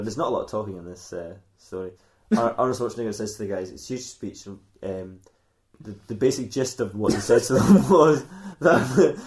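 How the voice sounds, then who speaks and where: A man's voice: medium pitch, a little mellow. A man co-hosting a comedy podcast, telling a silly fan fiction story in a rambling way and laughing often at his own jokes.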